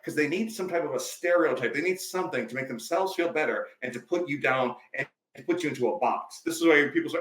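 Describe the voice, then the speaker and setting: A man's voice: fairly high pitch, quick pace, fairly bright tone, roomy sound, rough recording. A male life coach, a podcast guest, telling stories emphatically in a preachy, conversational way.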